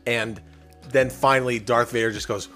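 A mid-pitched man chats on a podcast, telling stories with gusto and swearing along the way. He slips into quoted voices as he retells scenes. Light music plays faintly behind. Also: moderate pace. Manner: animated storyteller, swears, acts out quotes. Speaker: podcast co-host. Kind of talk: casual chat.

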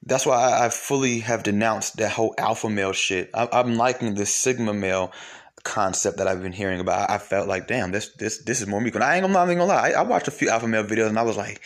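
A man's voice: fairly low pitch, quick pace, a bit bright. A young man talking in a heated, casual monologue, swearing and repeating himself, his voice climbing when he gets worked up.

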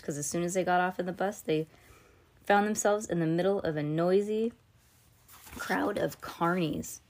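A woman's voice: fairly low pitch, a little mellow. A woman hosting a podcast, reading a children's novel aloud in a casual way with chatty asides. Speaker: podcast host.

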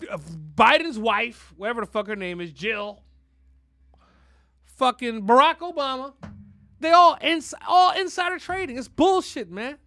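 A man's voice: very high-pitched, sharp tone, dry recording, clean studio sound. Brash, profane man ranting on a podcast. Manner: brash, profane, keeps asking "you know what I'm saying". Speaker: podcast host. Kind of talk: profane casual rant.

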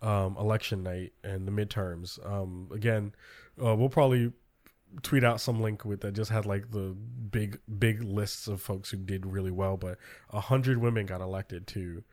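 A man's voice: lowish voice, fairly even intonation, moderate pace, a little mellow. A man hosting a casual talk show, running loosely through news with lots of ums and restarts. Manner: loose, filler-heavy rundown of news. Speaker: podcast host. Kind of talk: casual political chat.

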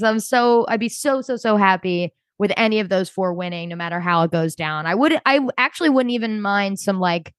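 An animated woman talks through a reality show as a podcast co-host. Her voice sits at a middle pitch, and she often slips into other people's words to act them out. The sound is dry and close to the mic. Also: no room sound. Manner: animated, quick, quotes people in character. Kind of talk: casual chat.

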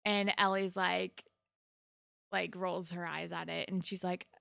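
A young woman co-hosting a casual chat, retelling a TV episode with lots of "like" and quick quoted lines. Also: on the low side, flat delivery, gravelly, fairly bright tone, no echo. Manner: chatty retelling full of "like", quick put-on quotes. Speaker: podcast co-host.

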